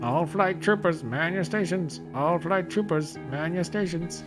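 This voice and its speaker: A woman's voice: fairly low pitch, a little slow, over music, lightly acted. A woman reading a military intercom announcer at a table read, in a repetitive announcing tone, heard from across the room.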